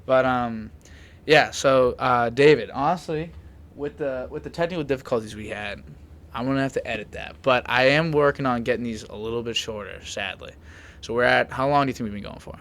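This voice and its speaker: A man's voice: medium pitch, a little fast, fairly bright tone. Young guy hosting a laid-back podcast; loose, rambling delivery full of filler words, mid-range voice. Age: young adult. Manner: rambling, filler-heavy with frequent "like". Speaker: podcast host. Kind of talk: casual chat.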